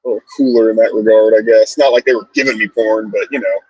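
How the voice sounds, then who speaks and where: A man's voice: lowish voice, fairly even intonation, quick pace, a little mellow, breathy edge, highs cut off. A man co-hosting a casual morning talk stream, laid-back, swearing freely and laughing often. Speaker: podcast co-host. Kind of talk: casual chat. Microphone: streaming setup.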